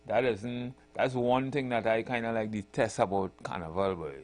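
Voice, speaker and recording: A man hosting a radio talk show, chatting in a relaxed, agreeable way. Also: on the low side, normal speed. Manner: relaxed, agreeable, chuckles often. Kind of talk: casual radio chat.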